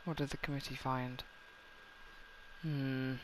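A man's voice: mid-range voice, little pitch movement, takes it slowly, background noise. A man casually commenting on a game he is playing, sarcastic and swearing freely. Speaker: let's play host.

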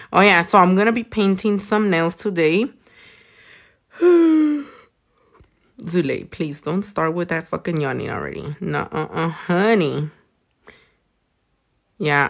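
A woman's voice: on the low side, fairly bright tone. A young adult woman from California, chatting casually and swearing freely while she does nails on a livestream and reads out viewer comments. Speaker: nail artist livestreaming a tutorial.

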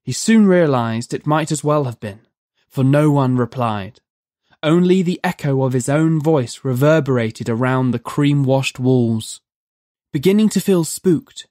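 A horror story narrator reading in a measured, vivid manner. The voice sits in an ordinary middle pitch, recorded close and dry with no room sound. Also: dark tone, no echo. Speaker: narrator of a horror audio drama.

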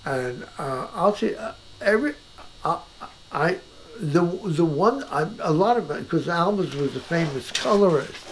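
An older man talks in a relaxed conversation in his own house. His voice is rather high and gravelly, and its pitch swings widely. He speaks emphatically and often restarts his thoughts. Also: a little hiss or hum, rough recording. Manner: animated, emphatic, with many restarts. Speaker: painter being interviewed. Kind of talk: casual conversation.

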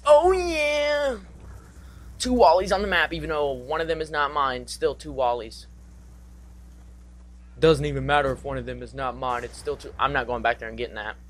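A young man giving live gameplay commentary, excitable and goofy, trash-talking with singsong asides. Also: mid-range voice. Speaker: gaming commentator.

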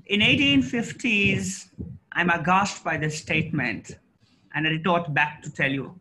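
Middle-aged male guest lecturer, bright forceful voice, rhetorical and emphatic, slightly raised pitch; faint hiss behind. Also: animated, low-quality recording. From India. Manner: emphatic, rhetorical, pauses and restarts. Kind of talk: formal lecture.

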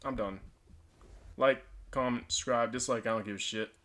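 A man's voice: mid-range voice, fairly even intonation, normal speed, fairly bright tone. A young man giving casual gameplay commentary, frustrated and swearing as he rants about his teammates. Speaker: gaming youtuber.

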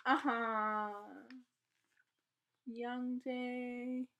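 A woman vlogging an album unboxing, gasping and gushing with excitement as she talks her way through it. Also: on the high side, drawn-out words, muffled recording. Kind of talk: casual unboxing chat.

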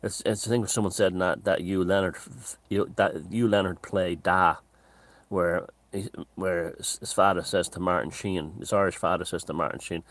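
Low-voiced man in an opinionated monologue. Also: fairly even intonation, moderate pace, a bit bright. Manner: discursive and opinionated, circling back to restate points. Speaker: author and commentator hosting his own channel. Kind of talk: casual unscripted monologue.

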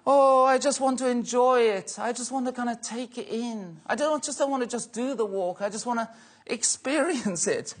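Brief: man playing a wide-eyed young walker who stops for every swan and flower, raised husky voice. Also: extremely high pitch, moderate pace. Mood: wistful. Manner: lingering, gushing over every sight. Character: dreamy nature-loving young man on a walk.

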